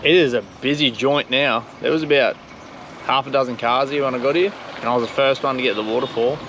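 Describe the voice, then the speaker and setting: A man's voice: medium pitch, fairly even intonation, a little fast, a bit bright. Laid-back Aussie travel vlogger, young man, slangy and upbeat, recorded outside with wind in the mic. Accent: Australian. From Australia. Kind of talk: casual travel vlog. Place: outdoors on a windy coast. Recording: outdoor recording with wind noise.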